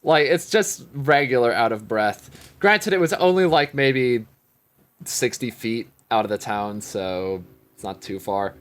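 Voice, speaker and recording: A man's voice: mid-range voice, lively intonation, unhurried, clear, resonant tone. Wry casual male game master. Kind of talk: running a tabletop game.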